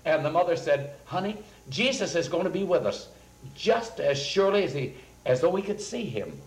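A man's voice: fairly high pitch, very animated, moderate pace. A man speaking as a pastor, telling earnest anecdotes and quoting people as he goes. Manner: earnest anecdotal storytelling, quotes people in a raised voice. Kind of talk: storytelling sermon talk. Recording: roomy echoing recording.

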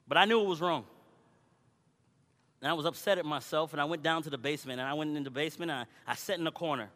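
A male preacher delivering a sermon, moving between loud exhortation and quiet personal storytelling. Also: a little high, quick pace. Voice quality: swings from shouting to quiet storytelling. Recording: long hall reverb.

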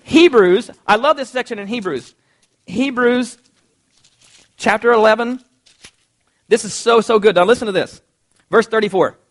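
A man preaching a sermon, reading scripture aloud and acting out quotes in a lively, conversational way. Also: high-pitched, normal speed, pauses often. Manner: animated, conversational, acts out quotes.

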